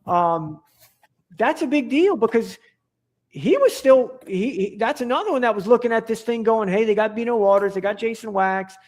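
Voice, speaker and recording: A man's voice: high-pitched, lively intonation, moderate pace, a little mellow. A man talking as a podcast guest in casual chat, rambling and enthusiastic, with many restarts and fillers.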